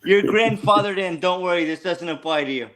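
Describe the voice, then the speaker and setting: An American man hosting a casual chat, telling stories in a crude, animated way. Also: high voice, fairly quick. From United States. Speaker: host.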